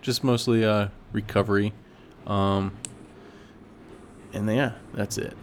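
A man's voice: on the low side, fairly even intonation, slow pace, a little hiss or hum. A man co-hosting a podcast in casual chat, easygoing and a bit hesitant, chuckling now and then. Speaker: podcast co-host.

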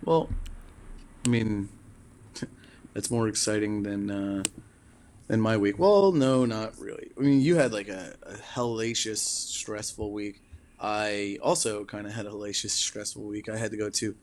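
A man's voice: fairly low pitch, measured pace, darkish tone, a little hiss or hum. A man in his thirties co-hosting a podcast in casual chat, rambling and laughing often as he tells stories. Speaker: podcast co-host.

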